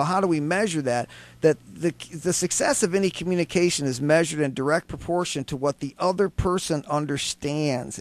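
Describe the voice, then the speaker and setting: A man's voice: fairly high pitch, no room sound. A man hosting a radio talk show, patiently explaining communication and acting out different tones of voice.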